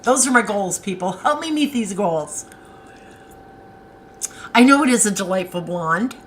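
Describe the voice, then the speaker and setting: A woman's voice: medium pitch, lively intonation, unhurried, slight background noise, rough recording. A woman author hosting a casual live stream, chatting and answering viewer comments as they come in.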